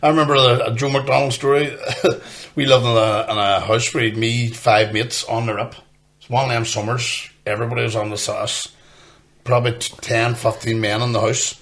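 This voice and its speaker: A man's voice: medium pitch, little pitch movement, moderate pace, a bit bright. A man chatting and swearing casually about football in a podcast. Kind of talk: casual banter.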